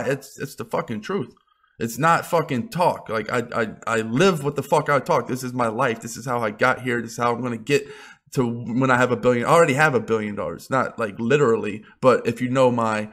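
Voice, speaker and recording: A man's voice: medium pitch, fairly bright tone. A young man giving an unscripted motivational rant as a vlogger, blunt and full of swearing. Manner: blunt, profane, emphatic.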